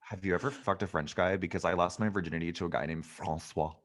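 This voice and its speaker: A man from Canada with a fairly low voice, guesting on a podcast. He chats casually and tells jokey stories with campy flair. He is quick to mock himself. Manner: campy, animated, self-mocking storyteller. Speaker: guest comedian.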